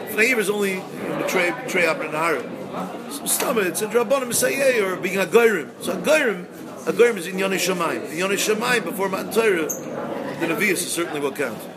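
A man giving a Torah lecture, swinging from excited bursts to hushed, emotional passages. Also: high-pitched, fast, over a noisy crowd. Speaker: rabbi teaching a Torah class.

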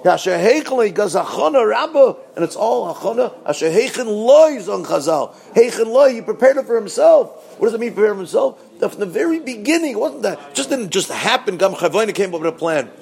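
A man teaching a Purim Torah talk, asking rhetorical questions and answering them, swinging between loud bursts and low asides. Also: very animated, brisk, gravelly, hardly any pauses.

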